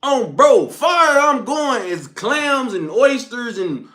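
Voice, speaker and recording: A man's voice: very high-pitched, very animated, slow pace, bright, forceful tone. A man streaming a casual, profane rant, rambling in slang and calling his listeners "folk" and "bro". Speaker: streamer hosting a morning smoke session.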